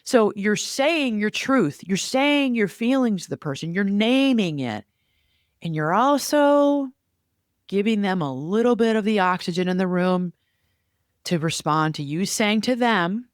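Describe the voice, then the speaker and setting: A woman's voice: medium pitch, unhurried, no room sound, studio quality. A woman co-hosting a podcast, giving frank relationship advice in casual conversation and acting out what to say. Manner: animated, acts out quoted lines. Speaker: podcast co-host.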